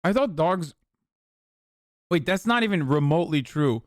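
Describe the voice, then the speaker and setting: Man, stream host, argumentative, swears a lot, smooth voice, dry. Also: a little high, expressive, normal speed, dry recording. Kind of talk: casual live-stream reaction.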